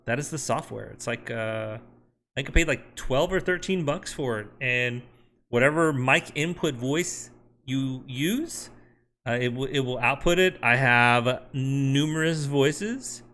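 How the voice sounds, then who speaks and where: Bright-voiced man thinking aloud while coding. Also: medium pitch, a little slow. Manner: talks to chat and himself while working. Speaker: software developer streaming his coding.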